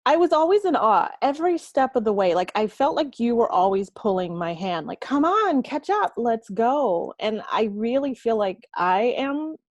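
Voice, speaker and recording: A woman's voice: fairly high pitch, expressive, normal speed, few pauses, no room sound. Gushing woman guest with a dry close voice. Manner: gushing, emotional, laughs often. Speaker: guest, reiki teacher. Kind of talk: casual chat.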